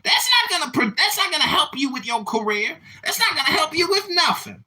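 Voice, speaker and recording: A man voicing a loud, bullying ranter who taunts people in a mock rant on a voice-chat app. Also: very animated, brisk, full character voice. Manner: shouting, taunting, high-pitched.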